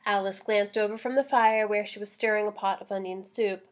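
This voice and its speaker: A woman reading a novel aloud in a measured storytelling manner. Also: mid-range voice, fairly even intonation. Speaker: story reader.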